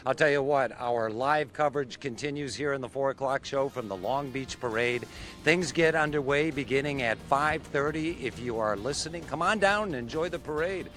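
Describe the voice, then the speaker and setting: A man's voice: mid-range voice, moderate pace, faint music behind. A man, a TV field reporter doing upbeat, folksy live interviews outdoors at a car show. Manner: folksy, upbeat, lively delivery. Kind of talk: live on-location broadcast interviews.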